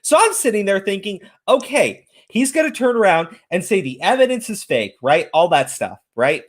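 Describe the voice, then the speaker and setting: A man's voice: sits high, big pitch swings, normal speed. A man hosting a casual commentary show, ranting profanely and breaking into incredulous outbursts. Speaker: podcast host.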